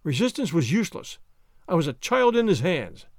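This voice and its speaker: A man reading a story aloud as narrator, expressive and dramatic. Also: fairly high pitch, moderate pace, gravelly, no room sound, clean studio sound. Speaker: audiobook reader.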